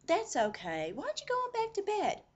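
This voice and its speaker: A woman's voice: very high-pitched, wildly swooping pitch, normal speed, dull audio, pitched above the performer's own voice, exaggerated voice. A woman voicing a flustered female nurse on a night ward, sweetly soothing and then shrieking in panic.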